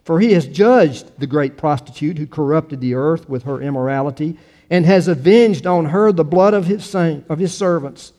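A pastor giving a sermon, reading scripture with emphatic rises and then talking to the congregation with easy fillers. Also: male voice, on the high side, normal speed, mellow, big-room sound.

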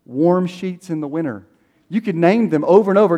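A male pastor with a high voice preaches in a loose, conversational way, slipping into voices for prayers and quotes. His voice rings with the long reverb of a big room. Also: animated, brisk, warm tone. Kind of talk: sermon.

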